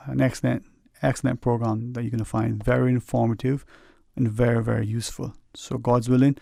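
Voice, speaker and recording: A man's voice: medium pitch, creaky, mellow, no room sound. A man hosting a radio talk show, rambling and folksy with lots of "you know", earnestly advising listeners from a studio microphone.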